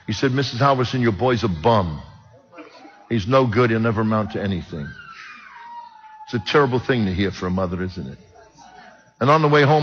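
Husky older New preacher. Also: male voice, medium pitch, a bit bright. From Brooklyn, New York. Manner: storytelling, joking with the audience. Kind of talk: personal testimony sermon. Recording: dull sound with long hall reverb.

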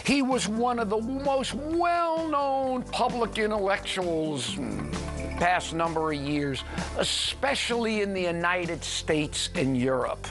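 A man with a New York accent hosting a program, talking in a chatty, animated monologue with exclamations and self-deprecating asides. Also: high voice. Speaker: program host. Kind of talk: casual radio-style monologue.

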